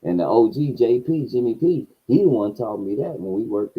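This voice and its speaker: A man telling a profane story in a casual rant, his voice swinging between low mutters and loud outbursts. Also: animated, normal speed, breathy edge, phone-quality sound. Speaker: streamer.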